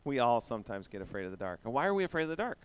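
A man's voice: mid-range voice, very animated, racing, smooth. A man giving a children's sermon, playful and asking the children questions as he talks. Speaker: pastor giving a children's message.

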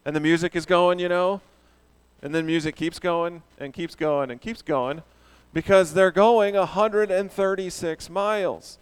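Male pastor, animated sermon delivery, fairly high voice, questions the crowd. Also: unhurried, clean tone. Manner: animated, asks the audience questions.

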